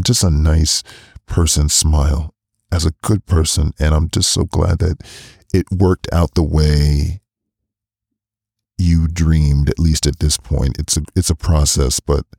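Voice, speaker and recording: A man hosting a podcast interview, talking warmly and effusively, stumbling over restarts. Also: very deep voice, fairly even intonation, measured pace, creaky, husky, no room sound, clean studio sound. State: emotional. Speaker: podcast host. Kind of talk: casual interview chat.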